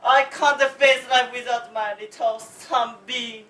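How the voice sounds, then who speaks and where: Student doing a melodramatic lovesick guy next door, bright high voice, slow, echoey stage far off. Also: steady tone. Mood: pleading. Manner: gushing, overwrought declarations. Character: lovesick middle-aged male neighbour, melodramatic. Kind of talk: amateur stage play. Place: small university theatre stage. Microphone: far-off room mic. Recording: echoey theatre from far off, faint hiss.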